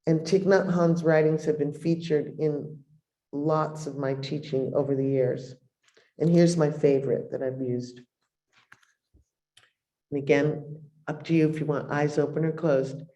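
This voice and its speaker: A middle-aged woman, a meditation teacher, giving a dharma talk and softly guiding a meditation with long pauses. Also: deep voice, fairly even intonation. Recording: roomy echo.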